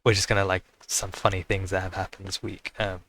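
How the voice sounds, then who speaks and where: A man hosting a podcast, wrapping up the episode in a relaxed, hesitant way with lots of fillers. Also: sits low, a little fast, slight background noise. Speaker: podcast host. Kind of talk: casual chat.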